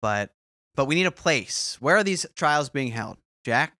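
Giggly animated guy on a comedy podcast, bright dry sound. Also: medium pitch, no room sound. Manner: animated, giggly, quick to laugh. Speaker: podcast co-host. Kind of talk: casual comedic chat.

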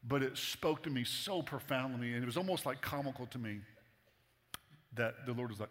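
A male pastor preaching in a relaxed, joking, conversational tone. His voice sits at an ordinary pitch and carries a long reverb from the church hall. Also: moderate pace. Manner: casual, humorous, conversational. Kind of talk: sermon.

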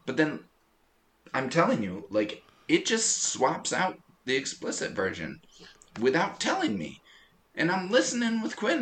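A man co-hosting a podcast in casual chat, telling animated stories and laughing often. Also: fairly high pitch, moderate pace. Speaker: podcast co-host.

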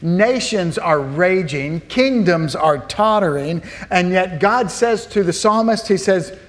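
Male pastor, earnest sermon delivery, slightly high pitch, big reverberant hall. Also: very animated, a little slow, few pauses. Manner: earnest, asks the listeners rhetorical questions. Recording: long reverb of a large hall.

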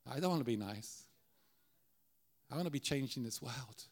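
A man's voice: medium pitch, moderate pace. Irish guy preaching in a church, middle aged, earnest, keeps restarting his sentences. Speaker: guest preacher. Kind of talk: sermon.

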